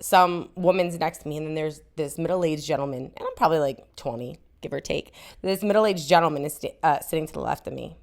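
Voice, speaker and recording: A woman's voice: deep voice, fairly quick, creaky, darkish tone. A woman in her thirties co-hosting a casual chat podcast, talking candidly, swearing freely and acting out her stories with lots of animation. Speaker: podcast co-host.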